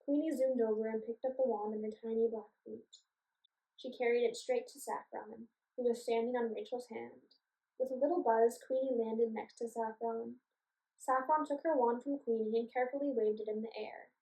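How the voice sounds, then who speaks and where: A woman's voice: on the high side, moderate pace. Woman reading a children's story aloud. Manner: expressive, clear storytelling. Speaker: storybook reader. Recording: echoey room, voice from a distance.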